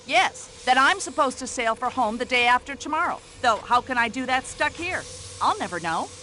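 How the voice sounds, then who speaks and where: An actress playing a brash, nosy older American widow with an American accent, fussing and complaining in a game. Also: female voice, high voice, lively intonation, normal speed, pushed and bright, a little hiss or hum. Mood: indignant. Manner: indignant, nosy, fussy complaining chatter. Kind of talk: video game voice acting.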